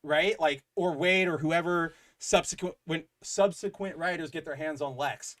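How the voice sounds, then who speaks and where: A man co-hosting a podcast, excitedly retelling a story in a rambling, casual way full of fillers. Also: fairly high pitch, moderate pace. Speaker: podcast co-host. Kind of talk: casual comic book chat.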